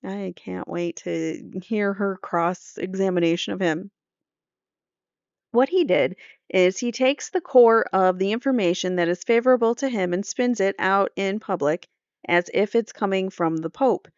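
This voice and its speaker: A woman hosts a true crime court channel, reading transcripts aloud and stopping to weigh in with blunt, chatty opinions. Her voice is smooth and clear. The sound is dry and close, with a slightly dull, muffled tone. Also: mid-range voice, a little slow, darkish tone, dry recording. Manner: opinionated, conversational asides. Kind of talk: reading trial transcript with commentary.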